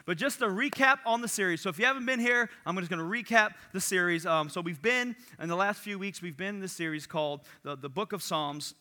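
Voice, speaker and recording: High, bright-voiced young man preaching. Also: brisk, few pauses. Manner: animated storyteller, self-mocking and joking. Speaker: youth pastor. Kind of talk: sermon opening with a humorous personal story. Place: church service.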